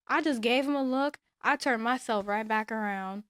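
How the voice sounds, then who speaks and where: A woman shares a personal experience casually, bringing it to life by acting out what people said and delivering emphatic advice. She speaks at normal speed with a fairly high pitch and clean tone, recorded in clean studio sound with no room sound.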